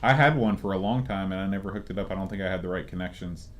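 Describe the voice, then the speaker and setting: A man with a fairly low voice, chatting casually on a podcast. He talks in a relaxed, easy way. He asks questions and agrees readily. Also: racing, slight background noise. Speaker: podcast co-host. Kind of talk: casual chat.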